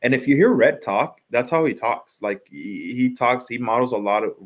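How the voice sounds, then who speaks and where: A man in his thirties, a former college pitcher, talking baseball in a rambling, casual podcast chat, often repeating words as he thinks. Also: normal speed.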